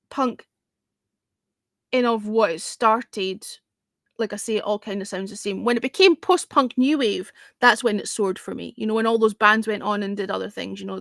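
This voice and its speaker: A woman's voice: mid-range voice, a bit bright, no echo, clean studio sound. A woman hosting a music review livestream, chatting casually and opinionatedly with lots of "you know" and the odd swear word.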